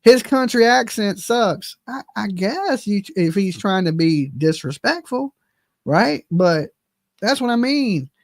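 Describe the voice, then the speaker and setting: A man with a Southern US drawl hosts a channel and gives a heated reaction rant, circling back on his points and frequently asking "okay?" His high, expressive voice moves slowly, recorded dry in studio quality.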